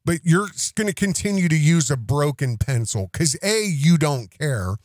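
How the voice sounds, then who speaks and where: Emphatic man with a lively voice. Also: a little high, normal speed, dry recording, clean studio sound. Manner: emphatic, repeats himself and restarts phrases. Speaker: podcast host. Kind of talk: accusatory commentary.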